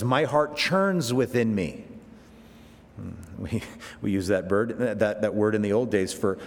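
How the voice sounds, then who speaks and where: A man preaching a verse-by-verse sermon, rising to loud emphatic peaks and dropping to slow, quiet asides, with frequent restarts. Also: on the low side. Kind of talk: expository sermon. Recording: long hall reverb.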